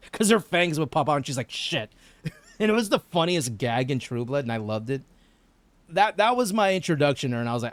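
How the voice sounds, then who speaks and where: A man's voice: mid-range voice, lively intonation, a little fast, no room sound. A man streaming a game, chatting casually and joking, laughing often. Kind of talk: casual live-stream chat.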